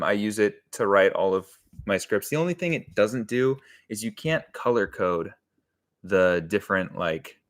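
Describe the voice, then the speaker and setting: Brief: fairly low male voice, relaxed rambling streamer, talks through his writing with the chat. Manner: thinks aloud, rambling, answers chat, chuckles often. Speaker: comedy sketch writer streaming live. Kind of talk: casual live-stream chat while writing.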